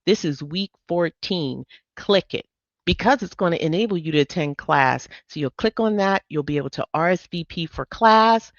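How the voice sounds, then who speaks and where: A woman's voice: on the low side, no room sound, muffled recording. A woman teaching a live online coding class, upbeat and encouraging, with emphatic bursts. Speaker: medical coding instructor.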